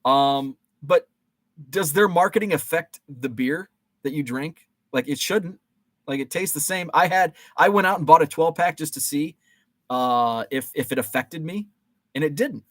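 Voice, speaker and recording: A man's voice: on the high side, measured pace, a bit bright, no room sound. A man in his forties hosting a casual live-stream chat, rambling and joking with many fillers and restarts.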